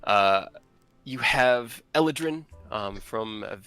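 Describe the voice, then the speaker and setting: Male game master, casual narration, very bright voice, faint music behind. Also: medium pitch, animated, slow, smooth, dry recording. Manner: casual, lots of fillers.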